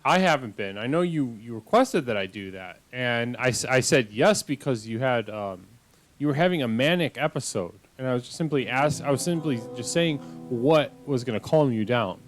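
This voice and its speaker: A male host doing improvised comedy banter, deadpan and patient, often restarting his sentences. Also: medium pitch, normal speed, soft background music.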